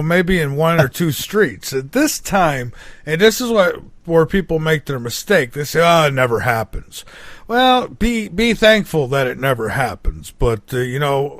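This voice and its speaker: A man's voice: fairly high pitch, big pitch swings, normal speed, fairly bright tone, no room sound. A man in casual chat, talking emphatically with colorful phrasing.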